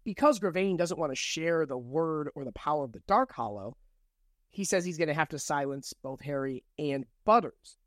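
A man co-hosting a podcast, casually recapping and discussing a book in a relaxed, chatty way. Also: on the high side, normal speed, dry recording, clean studio sound. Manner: relaxed, chatty, laughs often. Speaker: podcast co-host.

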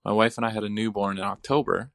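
A man leaves a joking voicemail for a podcast host, counting off points toward a punchline. His voice is low, flat in pitch, and gravelly. The sound is dry, with no room around it. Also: fast talker, no echo. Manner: joking, builds a list to a punchline. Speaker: voicemail caller.

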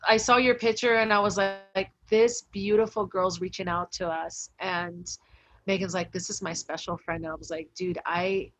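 A woman's voice: mid-range voice, fairly even intonation, moderate pace, a bit bright. A woman hosting a faith conversation, effusive and tearful as she gushes spiritual encouragement to her guest. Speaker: interview host.

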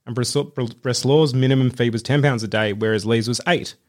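A man's voice: medium pitch, fairly even intonation, a little fast. A man co-hosting a casual film podcast, reading out facts with enthusiasm and frequent laughter. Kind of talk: casual chat.

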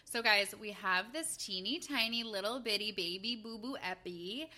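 A woman's voice: medium pitch, normal speed, pushed and bright. A young woman co-hosting a podcast in casual chat, playful and jokey and swearing freely. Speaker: podcast co-host.

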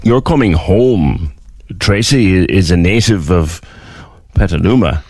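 A man interviews a guest on the radio, asking lively, interested questions. His voice sits low but swings widely in pitch, and the sound is dry and close. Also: unhurried, slightly rough, no echo. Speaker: radio host.

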